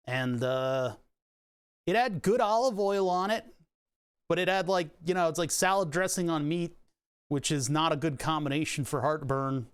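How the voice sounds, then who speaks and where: A man's voice: a little high, clean tone. A man streaming casually while he works on a craft project, rambling and restarting sentences and laughing at puns as he talks to his chat. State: hiccuping, heartburn.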